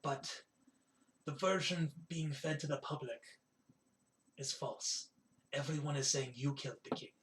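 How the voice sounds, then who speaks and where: A man doing a hushed, confiding innkeeper. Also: a little slow, pauses often, a little hiss or hum. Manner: lowered confiding voice.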